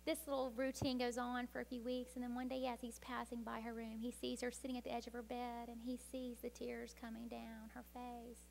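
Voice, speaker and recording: Woman telling a story, soft whispers. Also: fairly high pitch, completely flat delivery, a little fast, vocal fry, hardly any pauses, slight background noise. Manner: dramatic storytelling, dropping to hushed whispers for tender moments. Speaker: speaker at a women's event. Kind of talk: inspirational talk with storytelling. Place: stage at a women's event.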